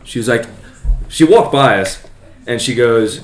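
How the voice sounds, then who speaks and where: A man's voice: mid-range voice, a little slow. A young man telling a rambling story in casual chat, swearing heavily and laughing often. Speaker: podcast co-host telling a story. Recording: roomy echo.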